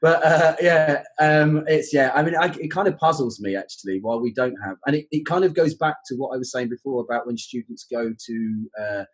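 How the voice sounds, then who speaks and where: A man's voice: mid-range voice, a little fast, few pauses, low-quality recording. A man, a podcast guest who explains exam teaching in a reflective, conversational way.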